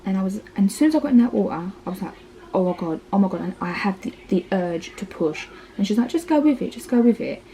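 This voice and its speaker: A woman's voice: medium pitch, fast, warm tone, slight background noise, low-quality recording. A woman in her thirties with an Essex accent, chatting casually through her birth story with plenty of "like" and "um". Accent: Essex English. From Essex, England. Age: 30s. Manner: chatty, lots of "like" and "um", acts out quoted lines. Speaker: parenting vlogger.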